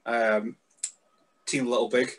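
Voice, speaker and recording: A man's voice: medium pitch, level tone, slow. A man hosting a podcast, chatting loosely, laughing often and swearing freely. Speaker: podcast host. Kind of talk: casual chat.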